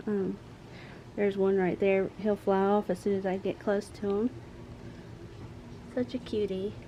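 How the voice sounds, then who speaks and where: A woman chatting casually to her viewers from inside her home, relaxed, with ums and light laughs. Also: mid-range voice, a little slow, muffled recording, a little hiss or hum. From North Carolina, US. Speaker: homemaking vlogger.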